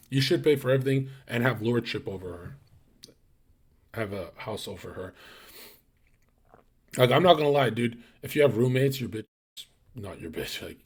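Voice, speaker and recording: A husky-voiced man talks at a middling pitch to his live stream audience. He rants bluntly and profanely, rambling with fillers and quick restarts. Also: a little mellow. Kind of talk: casual ranting monologue to chat.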